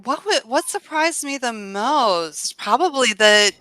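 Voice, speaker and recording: Bright, crisp-voiced chatty woman. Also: fairly high pitch, lively intonation, unhurried, dry recording. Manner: chatty, rambling, laughs often. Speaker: podcast co-host and online reseller. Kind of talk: casual chat. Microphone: remote call.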